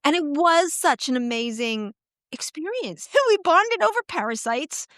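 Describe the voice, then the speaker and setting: A middle-aged woman with a high voice hosts a loose, casual conversation. She tells bawdy, profane stories with plenty of laughter. The sound is dry, with no room echo. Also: sing-song, unhurried, fairly bright tone. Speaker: podcast host. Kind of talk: casual chat.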